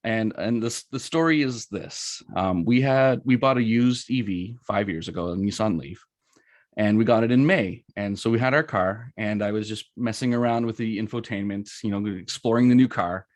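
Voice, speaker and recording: Middle-aged Canadian man, lowish voice, casual chatty presenter, dry close sound. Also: normal speed, no echo. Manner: chatty, storytelling, lots of fillers and "right?".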